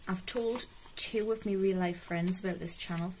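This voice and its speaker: A woman's voice: on the low side, steady tone, normal speed, darkish tone. A woman with a Geordie accent, chatting casually and talking to herself while she counts out cash for her budget. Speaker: budgeting vlogger. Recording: clear background noise with rustling notes.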